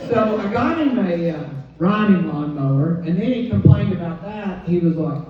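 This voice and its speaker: A woman's voice: on the low side, normal speed, crowd noise. Woman telling stand-up stories, echoey. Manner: animated, acts out quoted voices. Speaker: comedian. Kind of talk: stand-up storytelling. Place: comedy club stage. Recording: dull, distant, echoey club recording.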